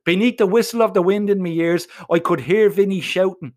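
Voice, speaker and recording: A man with an Irish accent telling a comic first-person story in a profane, colloquial and animated way. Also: high-pitched, fairly quick. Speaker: narrator.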